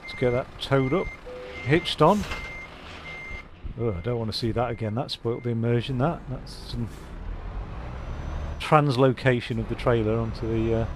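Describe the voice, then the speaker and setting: A man's voice: medium pitch, moderate pace, pauses often, background noise. A man rambling casually as he streams a truck-driving game, with self-mocking asides. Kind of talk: casual live-stream commentary.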